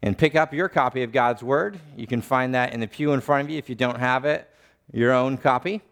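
A man in his thirties preaching a sermon in a church, reading scripture and teaching with deliberate, emphatic rises. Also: mid-range voice, a bit bright. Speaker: pastor. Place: church sanctuary.

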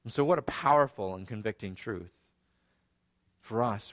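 A man's voice: mid-range voice, lively intonation, moderate pace, pauses often, long reverb tail. A man preaching a sermon, earnest, dropping to near-whispers and rising to emphatic passages. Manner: earnest preaching, swinging between hushed and emphatic.

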